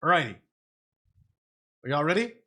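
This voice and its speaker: A man in a casual live-stream reaction, chatting freely and speaking directly to his viewers. His voice sits a little high for a man, and he circles back to the same phrases. The talk is loose and conversational. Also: sing-song, moderate pace, bright, forceful tone. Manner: chatty, repeats phrases, addresses chat directly; thinks in Spanish at times.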